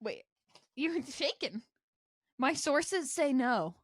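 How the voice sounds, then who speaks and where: A woman with a Maine accent tells a story in a chatty, playful way on a podcast. Her voice sits a little high. It comes through a dry, close mic. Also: expressive, takes it slowly, no echo. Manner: chatty, storytelling, giggly asides. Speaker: podcast co-host. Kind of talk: casual chat.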